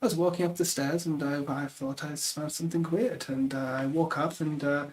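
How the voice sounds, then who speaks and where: A man putting on a halting Belarusian storyteller. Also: fairly high pitch, fairly even intonation, darkish tone, pitched above the performer's own voice, natural voice. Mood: deadpan. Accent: mock foreign accent, like a bad German one. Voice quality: halting, full of uh and um. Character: young man from Belarus telling a crude story, deadpan.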